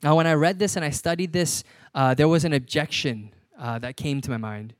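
A man's voice: on the high side, a little fast, few pauses, no echo. A man in his thirties, a pastor preaching a conversational sermon and repeating key lines for emphasis.

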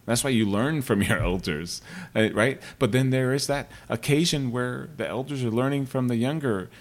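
A man's voice: medium pitch, normal speed. A middle-aged man hosting a solo podcast, giving emphatic, repetitive advice in a casual, profane way. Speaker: podcast host.

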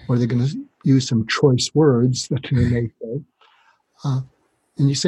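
A man speaking as a doctor guest on a podcast interview, explaining calmly and acting out short exchanges to demonstrate. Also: mid-range voice, moderate pace, husky, rough recording. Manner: calm, explanatory, demonstrates dialogue.

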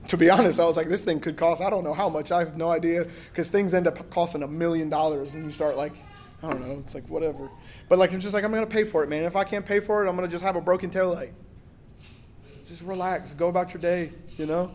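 A man's voice: on the high side, steady tone, fast talker, darkish tone, slight background noise. A man preaching a sermon as pastor, in a casual, joking way, acting out quotes and saying "like" a lot. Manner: casual, joking delivery with acted-out quotes and frequent 'like'.

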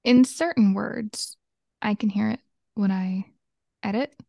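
A chatty woman from Georgia co-hosting a casual podcast, laughing often as she tells stories. Her voice has a gravelly edge, and the recording is dry and close with no room sound. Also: mid-range voice, takes it slowly, dark tone, dry recording. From Georgia, USA. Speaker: podcast co-host. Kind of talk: casual chat.

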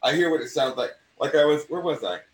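A man with a mid-Atlantic accent, an acting teacher talking in an interview, animated and given to restarting his sentences. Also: a little high, fast talker, slight background noise. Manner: animated, repeats and restarts phrases. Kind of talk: conversational interview. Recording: roomy sound from distance.

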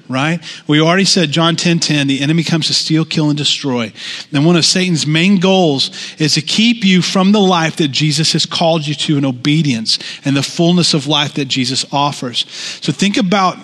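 A man's voice: a little high, fairly bright tone, big-room sound. A man preaching a sermon as pastor, talking conversationally with repeated phrases and rising intensity.

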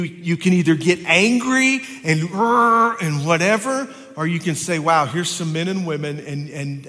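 A man preaches to his church, his fairly high voice climbing with passion as he presses his points and doubles back on words. The sound carries a long, ringing reverb from the sanctuary around him. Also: a bit bright. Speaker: pastor. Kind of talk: sermon.

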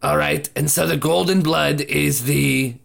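A man's voice: fairly high pitch, fairly even intonation, unhurried, creaky, a bit bright. A man playing a tabletop game, eager and tripping over his words. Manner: eager, stumbling restarts. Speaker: player. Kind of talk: casual tabletop play.

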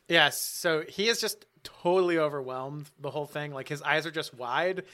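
A man narrates a tabletop game as its game master, easygoing and chatty. His voice sits a little high and sounds very bright. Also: moderate pace. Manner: relaxed, chatty narration with fillers.

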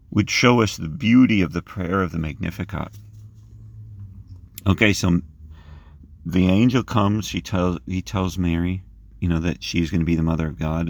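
Deep-voiced man leading guided meditation. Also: gravelly, dry recording. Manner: gentle, imaginative, rises in pitch when reading scripture. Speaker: prayer leader.

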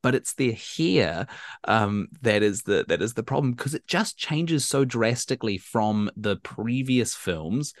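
A man co-hosting a casual podcast, talking with loose, rambling sentences and animated pitch jumps when he quotes people. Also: measured pace, dry recording. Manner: many fillers and restarts, rambling. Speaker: podcast co-host.

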